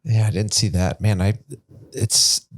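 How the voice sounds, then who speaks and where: A man's voice: on the low side, level tone, unhurried, no room sound, clean studio sound. Rambling man in casual podcast chat. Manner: rambling, many likes and restarts. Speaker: podcast co-host.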